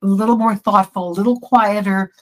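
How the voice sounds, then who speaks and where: A woman's voice: medium pitch, steady tone, a little fast, low-quality recording. A middle-aged woman talks casually as a psychic guest in an interview. She rambles and restarts her sentences as she explains herself.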